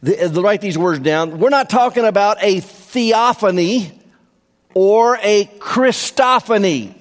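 A man's voice: sits high, takes it slowly. A man preaching a sermon as pastor, emphatic, repeating key phrases for stress. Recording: long hall reverb.

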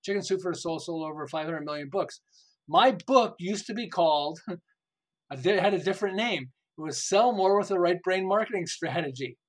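Older male author guest, high-pitched, animated storyteller, chuckles through anecdotes. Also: normal speed, rough recording. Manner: animated, laughs often, acts out quotes. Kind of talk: enthusiastic storytelling interview.

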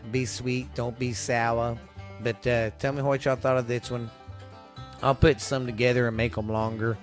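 A Southern man hosting a podcast, talking loosely and excitably as he signs off. He has the hiccups and rambles from one thought to the next, with faint music in the background. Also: mid-range voice. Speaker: podcast host. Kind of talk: casual podcast sign-off.

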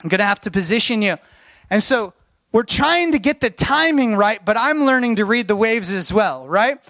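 A middle-aged pastor preaches through a personal story with real animation, rising into shouts when the story peaks. His voice sits very high for a man and rings bright. The sound is dry, with almost no room around it. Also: expressive, normal speed, no room sound. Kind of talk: sermon storytelling.

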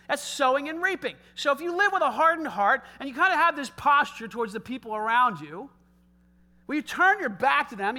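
A man preaching a sermon in an animated way, speaking directly to his congregation. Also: extremely high pitch. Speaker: pastor.

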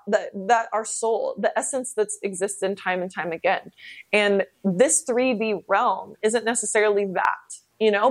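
A young woman hosting a podcast, talking candidly in a rambling, casual way with many fillers and some swearing. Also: medium pitch. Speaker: podcast host. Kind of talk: casual personal monologue.

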